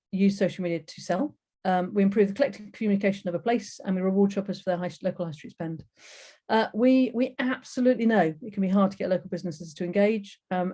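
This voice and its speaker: A woman's voice: mid-range voice, dark tone. A woman giving a chatty, enthusiastic webinar presentation over a video call, with many fillers.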